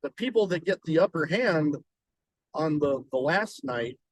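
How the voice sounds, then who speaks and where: A man co-hosts a casual podcast, thinking aloud in a slow, halting way with the odd curse word. His voice sits a bit high, and the recording is dry and close. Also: animated, no echo, low-quality recording. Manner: musing, hesitant, swears casually. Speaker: podcast co-host. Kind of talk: casual chat.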